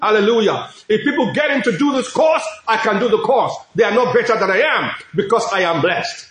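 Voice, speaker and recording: A man's voice: high voice, expressive, brisk, a bit bright. A middle-aged man preaching a sermon as a pastor, speaking emphatically and repeating phrases, with frequent cries of praise. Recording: echoey room.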